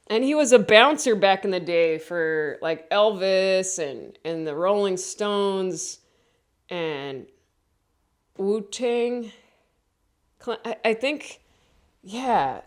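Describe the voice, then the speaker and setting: A woman comedian telling rambling stories in a casual, mumbly way and acting out quotes in higher voices. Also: clear, resonant tone. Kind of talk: casual comedic storytelling monologue.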